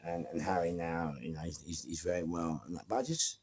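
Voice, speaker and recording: Gravelly-voiced London man telling stories. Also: low-pitched, fairly quick. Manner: lively, slangy storytelling that acts out quotes. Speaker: storyteller. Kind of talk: casual spoken anecdote.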